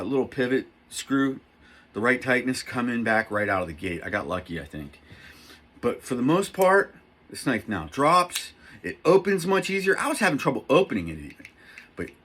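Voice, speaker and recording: Husky, excitable middle-aged man rambling. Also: medium pitch. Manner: rambling, excitable, self-mocking. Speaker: knife reviewer. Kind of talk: casual talk to camera.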